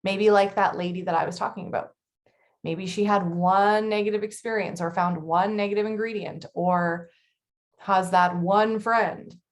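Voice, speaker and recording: A woman's voice: mid-range voice, steady tone. Chatty, blunt woman co-host. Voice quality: blunt, chatty, quick to laugh. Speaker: podcast co-host. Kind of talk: casual chat.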